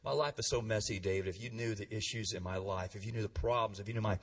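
A preacher voicing a weary, ashamed churchgoer. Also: male voice, steady tone, quick pace, husky, far from the mic. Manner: low, subdued, confessional. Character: weary troubled churchgoer, adult man, ashamed.

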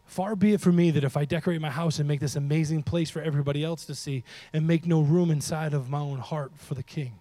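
A man preaching with a mellow, fairly high voice, lively and humorous. He swings between loud lines and near-whispered emphasis, and he talks straight to the congregation. The sound is dry and close. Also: quick pace, hardly any pauses, no room sound. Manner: humorous, talks to the audience directly. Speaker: pastor. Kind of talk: sermon.

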